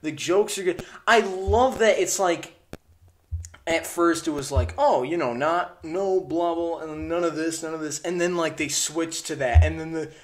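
Young male reaction host, gushing and giggly, slightly high-pitched. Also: unhurried. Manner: giggly, gushing, laughs often. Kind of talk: casual reaction commentary.

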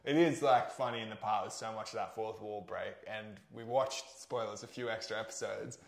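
A man's voice: lowish voice, fairly even intonation, moderate pace, creaky, roomy sound. A man co-hosting a casual recap chat, laid-back and joking, swearing now and then. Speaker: podcast co-host.

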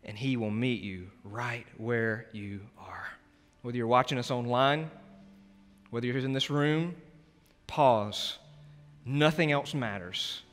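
Earnest pastor with a bright voice in a reverberant church. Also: male voice, mid-range voice, slow pace. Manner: earnest, pleading, swings from loud urging to hushed prayer. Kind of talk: sermon altar call. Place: church sanctuary. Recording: long church hall reverb with soft music.

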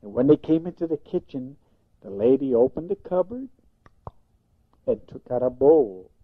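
Old grandfather storyteller, slow, lively gravelly voice, phone-line sound. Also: mid-range voice. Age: older. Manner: slow, gentle, singsong storytelling. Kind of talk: bedtime story narration.

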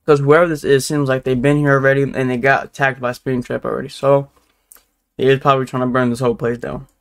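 A man's voice: mid-range voice, level tone, quick pace, gravelly. A man giving laid-back, slangy commentary as he reacts to a video. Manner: laid-back slangy banter, laughs a lot.

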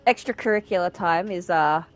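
A woman's voice: lowish voice, normal speed, faint music behind. A young woman streaming a horror game, chatting and teasing a friend, often laughing and breaking into sudden shrieks. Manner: giggly, teasing, bursts into shrieks. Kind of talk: live gaming commentary with a friend.

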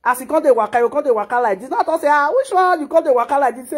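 A woman's voice: high voice, rapid-fire, few pauses. A Nigerian woman in her thirties with a Nigerian Pidgin accent, scolding in an impassioned reaction monologue and often repeating words. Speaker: social media commentator.

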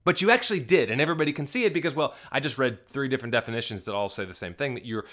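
A man's voice: medium pitch, animated, racing, a bit bright. A male pastor giving video reaction commentary, emphatic and indignant, firing rhetorical questions at his viewers. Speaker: Southern Baptist pastor.

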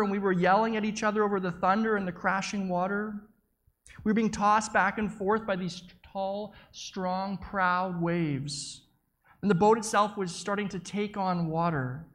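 Speaking at a medium pitch, a preacher tells a first-person eyewitness account full of drama and vivid detail. Minor stumbles and word repetitions show up along the way.

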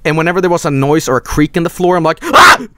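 A young man streaming a game, casually telling a story, cursing a lot and shouting out the voices he quotes. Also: a little high, rapid-fire, heavy background noise. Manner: animated, swearing, mock-shouting quoted voices. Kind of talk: casual storytelling while gaming.

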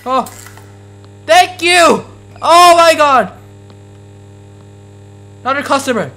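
Jumpy gamer with lively pitch. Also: slow pace. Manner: nervous, jumpy reactions. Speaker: game streamer. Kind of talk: casual gameplay commentary. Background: game music.

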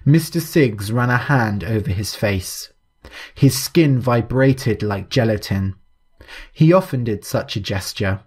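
A man narrating a story in a measured, even, scripted way. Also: mid-range voice.

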